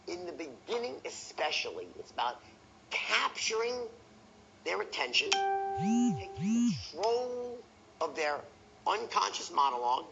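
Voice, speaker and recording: Animated, gravelly male sales trainer. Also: fairly high pitch, slight background noise, poor audio. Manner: animated, demonstrates tones by voice; talks to the audience directly, asks okay and right. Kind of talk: seminar teaching.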